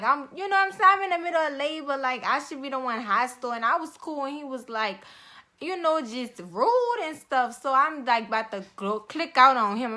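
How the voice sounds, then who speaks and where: A young woman recounts her own story in a loose, slangy vlog style, full of fillers and asides. Her voice sits a bit high and sounds bright and forceful. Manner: slangy, conversational, lots of fillers.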